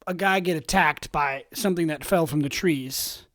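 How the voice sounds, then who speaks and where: A man co-hosting a casual podcast, animated and giggly, often restarting his sentences. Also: fairly high pitch, moderate pace, no room sound, studio quality. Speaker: podcast co-host. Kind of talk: casual chat.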